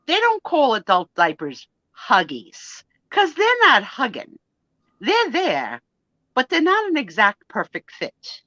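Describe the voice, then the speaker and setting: Lively, bright-voiced middle-aged woman storyteller. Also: medium pitch, dry recording, lo-fi sound. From United States. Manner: animated, laughing, acts out quoted lines. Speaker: host. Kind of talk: casual live-stream storytelling.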